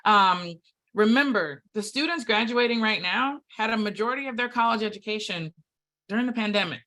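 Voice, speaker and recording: Woman host, middle pitch, chatty and sincere, video-call sound. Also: a little fast, pushed and bright. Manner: heartfelt, chatty, many fillers. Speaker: staff town hall presenter. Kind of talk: virtual staff town hall remarks.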